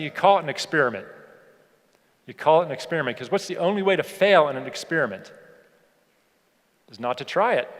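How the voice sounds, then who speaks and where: Man, motivational keynote speaker, slightly high voice, rhetorical questions to the audience, long hall reverb. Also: fairly bright tone. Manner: asks the audience rhetorical questions, slows down for emphasis. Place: large hall on stage.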